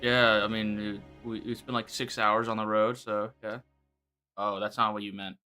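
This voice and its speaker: A man's voice: on the low side, flat delivery, moderate pace, sharp tone, smooth, faint music behind. A man streaming a game and making joking, sarcastic asides as he plays. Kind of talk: casual gameplay commentary.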